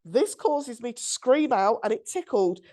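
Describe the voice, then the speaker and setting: A woman's voice: on the high side, lively intonation, measured pace, mellow. A woman, co-hosting a podcast and reading out a listener's story in a chatty, giggly way. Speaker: podcast co-host.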